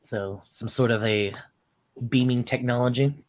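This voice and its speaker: A podcast co-host walks through a movie scene by scene in casual chat, his medium-pitched voice keeping a measured pace. The retelling is lively, full of swearing and sudden acted-out dialogue.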